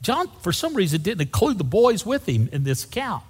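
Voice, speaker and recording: A man's voice: high-pitched, very animated, a little fast, slightly rough, long reverb tail. A man preaching a sermon as a pastor, folksy and joking, acting out the people in the story. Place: church sanctuary.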